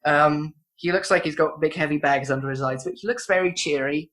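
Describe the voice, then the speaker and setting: A woman's voice: low voice, a little fast, fairly bright tone. A woman narrating as game master, rambling with fillers and giggles.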